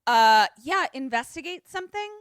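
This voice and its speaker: A woman co-hosting a podcast in casual chat, retelling a film as an animated, joking storyteller who swears freely, on a remote call. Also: high-pitched, moderate pace, dry recording, clean studio sound. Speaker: podcast co-host. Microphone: remote call setup.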